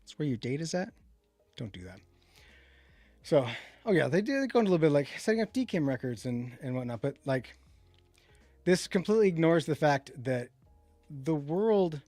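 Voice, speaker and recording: Man, casual tech talk, rambling, self-correcting, dry close sound, soft music behind. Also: a little high, very animated, moderate pace, long pauses, no room sound. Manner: rambling, self-correcting, reads chat comments aloud. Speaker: podcast co-host. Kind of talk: casual livestream tech chat.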